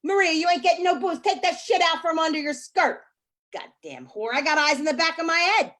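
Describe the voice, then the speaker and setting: A woman doing a loud brash Italian-American mom. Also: sits high, lively intonation, measured pace. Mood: scolding. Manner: shouting, scolding.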